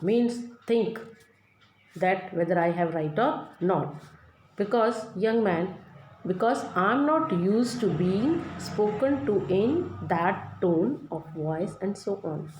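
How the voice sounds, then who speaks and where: Slow-explaining woman teacher, echoey room. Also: lowish voice, mellow. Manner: reads a line then paraphrases it slowly. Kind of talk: explaining a play line by line. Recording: echoey room with faint noise.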